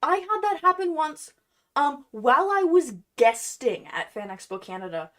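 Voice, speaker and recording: A woman's voice: sits high, very animated, normal speed, fairly bright tone. Chatty young woman streaming while crafting. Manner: chatty, playful, self-deprecating. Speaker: cosplay streamer. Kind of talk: casual livestream chat while crafting.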